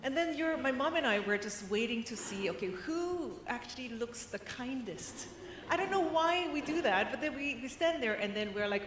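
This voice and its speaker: A woman giving a conference keynote, chatty and animated, acting out the people in her stories. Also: high-pitched, fairly quick, slight background noise. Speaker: keynote speaker. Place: large conference hall. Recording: roomy hall reverb.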